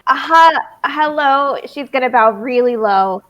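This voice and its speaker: A woman's voice: high-pitched, unhurried, hardly any pauses, a bit bright. A woman player chatting casually at a tabletop game, hesitant.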